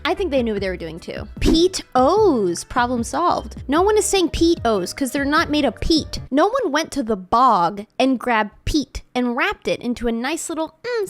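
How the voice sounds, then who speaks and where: A young woman streamer chats in a casual, playful vlog style. Her voice sits high and bounces wildly up and down, climbing even higher whenever she gets worked up, with faint music playing underneath. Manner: animated, jokey, voice shifts up when excited. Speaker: streamer and content creator.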